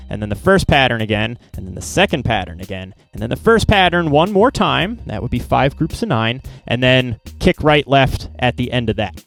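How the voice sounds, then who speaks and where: A man's voice: mid-range voice, a bit bright. A man teaching drums in a casual, plain-spoken way, explaining step by step with small slips. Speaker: drum teacher. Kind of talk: casual instructional talk.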